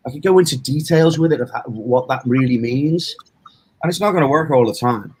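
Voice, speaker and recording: A man's voice: medium pitch, fairly quick, a little mellow, slight background noise, rough recording. A middle-aged man from England, a self-defense instructor, talking casually in a rambling, storytelling way with lots of restarts and fillers. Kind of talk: casual interview talk.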